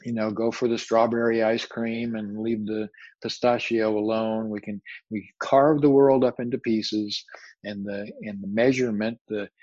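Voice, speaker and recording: A man's voice: on the low side, normal speed, a little mellow, no echo. A man giving a spiritual lecture as a teacher, reflective and searching for his words, often repeating phrases. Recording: dull, slightly muffled recording.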